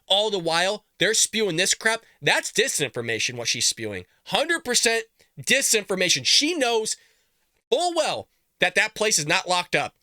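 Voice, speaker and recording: A man's voice: high-pitched, bright, forceful tone, no echo, clean studio sound. A man hosting a political commentary show, ranting in a riled-up, emphatic way with frequent swearing. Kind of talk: heated political rant.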